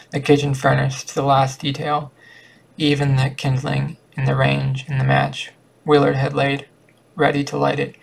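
A man narrating a short story as an amateur audiobook, halting at times and restarting words. His voice is gravelly and husky. His pitch stays flat and unvaried. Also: rough recording. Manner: halting, with occasional slips and restarts. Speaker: audiobook reader.

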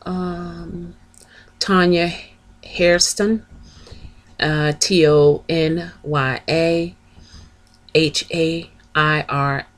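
A woman's voice: sits low, fairly even intonation, drawn-out words, long pauses. A woman vlogger chatting casually, gushing over other channels and spelling out their names. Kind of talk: casual chat, shouting out channels.

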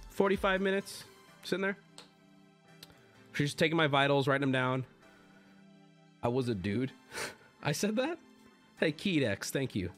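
A male streamer chatting casually into a desk mic. His voice sits fairly high and swoops up and down as he tells stories and jokes with his viewers. Faint music plays behind him. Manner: animated storytelling, swearing and teasing chat. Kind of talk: casual live-stream chat.

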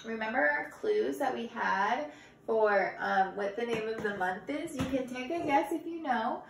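Slow, encouraging woman teaching young kids. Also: on the high side, lively intonation, vocal fry, recorded from a distance, a little hiss or hum. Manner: slow, encouraging, repeats words for kids to echo. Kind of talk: children's calendar lesson. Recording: roomy sound from off-mic.

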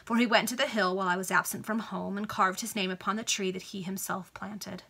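Woman voicing an earnest young gentleman, subdued, melancholy, bright voice, quiet, storybook reading. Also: medium pitch, fairly even intonation, fairly quick, gravelly, slightly rough, exaggerated voice.

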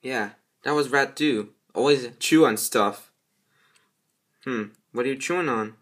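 A hobby performer voicing chatty little yellow creature workers in an amateur toy role-play, rambling and giggly. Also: medium pitch, unhurried. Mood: playful.

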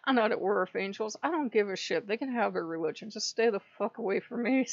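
A woman rambles through a casual vlog monologue, blunt and full of swearing, with a gravelly, fry-edged voice at an ordinary pitch. The recording is dull and lo-fi, with dry, close sound. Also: fast, no echo. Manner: blunt, profane and rambling, with laughs. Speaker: spiritual YouTuber.

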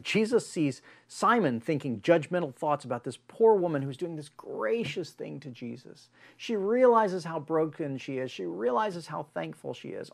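A man preaching a sermon as pastor, telling stories in an animated way. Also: vocal fry. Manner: animated storytelling with big pitch swings.

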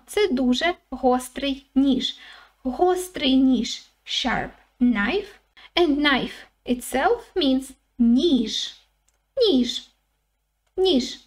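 Slow high-voiced woman teaching vocabulary. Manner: repeats each word slowly, with many "uh"s. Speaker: language teacher. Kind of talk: vocabulary lesson.

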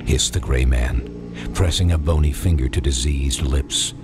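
A man narrating a dark audiobook in measured, dramatic storytelling. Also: a bass voice. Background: music.

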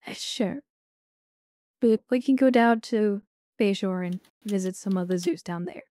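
A woman playing her character in a tabletop game, speaking firmly and in a measured way. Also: medium pitch, warm tone, dry recording, studio quality. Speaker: player.

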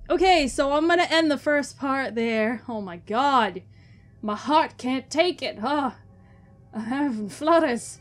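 A woman's voice: high-pitched, slow, soft background music. A woman gamer giving casual commentary on a horror game, swearing freely and talking back at the game. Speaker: let's play gamer.

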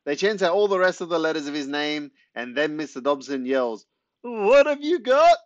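A man narrating a first-person children's story in a lively, animated way. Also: on the high side, fairly quick, dry recording. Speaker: audiobook narrator. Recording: dry, slightly muffled studio read.

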